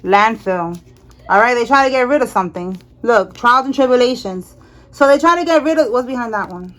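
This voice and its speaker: A woman giving a casual tarot reading in a slightly high voice. She talks in an animated way, speaks to the cards and to Spirit, and repeats her points. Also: fairly quick. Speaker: tarot reader.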